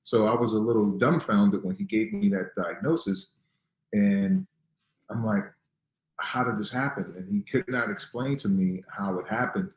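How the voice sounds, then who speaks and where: A man in his thirties with a fairly low voice tells his personal story earnestly, and he turns defiant when he recalls fighting back. He comes from Newark. The room around him rings with a noticeable echo. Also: steady tone, moderate pace. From Newark, New Jersey. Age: 30s. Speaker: guest.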